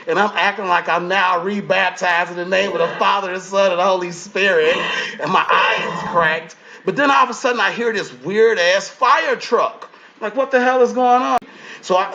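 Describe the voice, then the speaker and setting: A man who was a reality show contestant, telling profane, animated stories in a casual interview. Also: sits high, lo-fi sound. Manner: animated storytelling, profane, acts out quotes.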